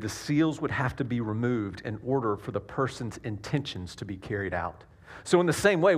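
A man with a Southern US accent preaching a sermon to his congregation, earnest and self-deprecating, with frequent restarts and dad jokes. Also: mid-range voice. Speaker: pastor.

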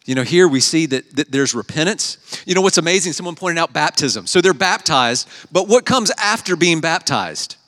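A young adult man preaches a conversational sermon as a pastor, his voice a little high, sharp and animated, at a moderate pace with few pauses. He tells stories and acts out quotes, and a long hall reverb surrounds him.

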